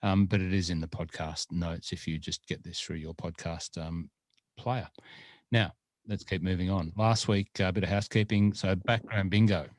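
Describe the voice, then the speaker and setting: Guy with a really low voice chatting on a golf podcast, lots of uhs and restarts, dry close sound. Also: steady tone, normal speed, dry recording. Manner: rambling, with many fillers and restarts. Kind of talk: casual podcast chat.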